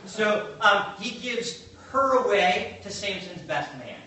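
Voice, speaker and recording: A man preaching a sermon in an animated, conversational way, telling a story and acting out the quotes. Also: high voice, slow. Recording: very echoey, distant mic, faint ambience.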